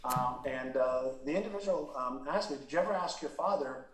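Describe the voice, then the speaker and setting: A man's voice: mid-range voice, fairly quick, echoey room, distant mic, poor audio. A middle-aged man from Israel telling a personal story in a candid interview, earnest and emotional, with frequent fillers and restarts. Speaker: interview guest.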